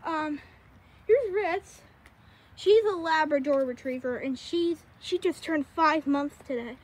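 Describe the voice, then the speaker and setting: A woman's voice: high-pitched, takes it slowly. A woman vlogging casually outdoors with her dogs, chatting to them fondly on a handheld camera. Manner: chatty, talks to the dogs in a fond sing-song. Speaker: pet vlogger. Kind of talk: casual vlog with pets. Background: dogs barking.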